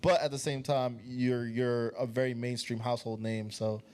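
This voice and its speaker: A man's voice: medium pitch, level tone, moderate pace, a little mellow, clean tone. A man co-hosting a podcast, chatting casually and with strong opinions, often laughing. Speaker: podcast co-host. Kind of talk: casual chat.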